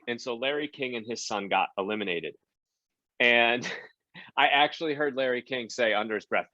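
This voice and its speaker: A man, a game show host and producer, chatting as a podcast guest and telling animated anecdotes. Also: moderate pace, no room sound. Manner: animated anecdote-telling, acts out quotes with big pitch jumps. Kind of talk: casual podcast storytelling. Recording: dull, slightly lo-fi dry podcast audio.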